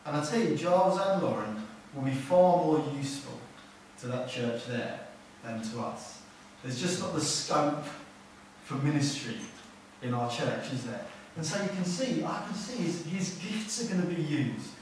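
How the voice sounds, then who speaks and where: A man preaches to his congregation, earnest and conversational, leaning on repeated words to drive a point home. His voice sits a touch high for a man and sounds set back from the mic. It rings around a very echoey hall, with a faint hiss underneath. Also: expressive, moderate pace, darkish tone, far from the mic. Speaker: pastor. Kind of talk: sermon. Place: church hall.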